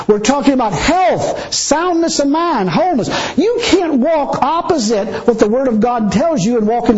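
A man's voice: very high voice, darkish tone. A male preacher delivering an emphatic, blunt sermon with mocking asides. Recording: dull lo-fi recording.

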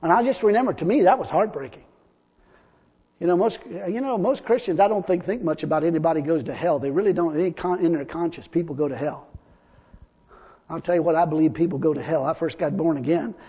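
A man preaching a sermon, telling stories in a chatty way and rising now and then into loud exclamations. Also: a little high, a little fast, breathy edge. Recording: dull lo-fi audio with long hall reverb.

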